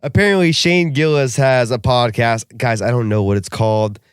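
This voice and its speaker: Man, podcast co-host, profane rant, dry close mic, average pitch. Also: normal speed, clear, resonant tone, dry recording. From Russia. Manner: profane, animated ranting with frequent laughs. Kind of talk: casual chat.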